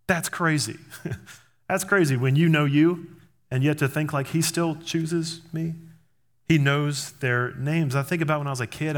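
A man preaching a sermon in an animated, conversational way, acting out little scenes as he goes. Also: mid-range voice.

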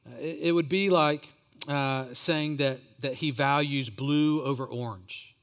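A man's voice: on the high side, unhurried, a bit bright. A man preaching a sermon as pastor, earnest and often repeating words as he builds each point.

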